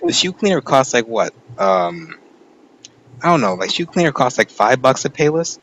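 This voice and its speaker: A man's voice: mid-range voice, sing-song, normal speed, a bit bright, lo-fi sound, slight background noise. A man hosting a podcast, telling a rambling, profane story in casual chat. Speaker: podcast host.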